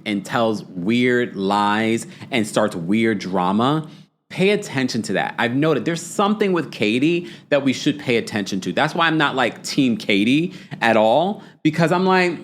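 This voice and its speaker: A young man hosting a reality TV recap show, talking in a casual, gossipy way and acting out quoted lines. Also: mid-range voice. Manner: animated and gossipy, with exaggerated quoted voices. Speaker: podcast host recapping reality TV.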